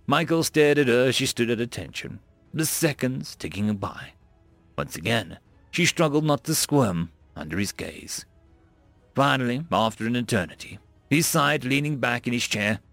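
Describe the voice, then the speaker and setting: A man's voice: medium pitch, expressive, normal speed, a bit bright, no echo, faint music behind. A man narrating a story with wry, playful asides. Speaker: audiobook narrator.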